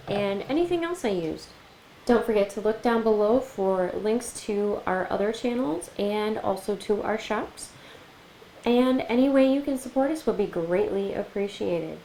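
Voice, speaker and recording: A woman's voice: medium pitch, low-quality recording. Woman, young adult, craft vlogger, casual chat, laughs a lot, faint background noise. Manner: chatty, laughs often, talks gently to her toddler.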